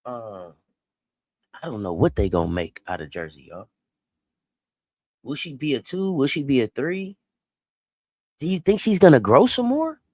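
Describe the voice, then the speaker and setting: A man co-hosting a casual basketball talk show, animated and playful, repeating himself as he restarts thoughts. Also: mid-range voice, normal speed, long pauses, no room sound. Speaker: podcast co-host. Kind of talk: casual sports chat.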